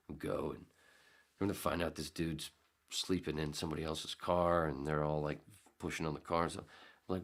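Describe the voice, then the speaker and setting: A podcast host with an extremely low voice and a rough, gravelly edge tells a rambling story. He swears freely, loses his thread, and keeps breaking into little acted-out scenes. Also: flat delivery, a little fast, fairly bright tone. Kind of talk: casual storytelling.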